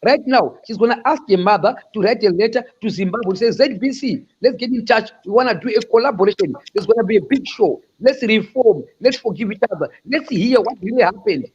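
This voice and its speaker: A high-pitched, raspy man holds forth in a loud, boastful rant, hammering the same slogans again and again. His voice comes through dull and lo-fi, like call audio with the highs cut off. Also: lively intonation, fairly quick, hardly any pauses. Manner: boisterous, repeats boastful slogans. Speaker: caller.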